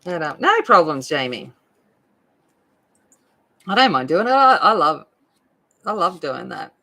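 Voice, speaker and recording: A woman's voice: lowish voice, sing-song, unhurried, gravelly, pushed and bright, rough recording. An Australian woman chatting casually as she colors on her coloring video, rambling with lots of fillers. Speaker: adult coloring video host. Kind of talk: casual chat while coloring.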